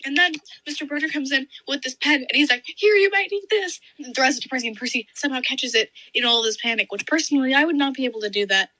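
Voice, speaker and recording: A teenage girl co-hosting a casual podcast, excitable and giggly as she jumps in with details. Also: high voice, racing, hardly any pauses, no room sound, poor audio. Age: teens. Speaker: podcast co-host. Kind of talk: casual chat.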